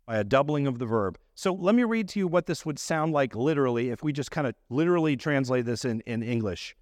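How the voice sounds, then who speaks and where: A man's voice: mid-range voice, animated, fast, darkish tone, no room sound, clean studio sound. A man pastor preaching a sermon, explaining scripture in an earnest, teaching manner.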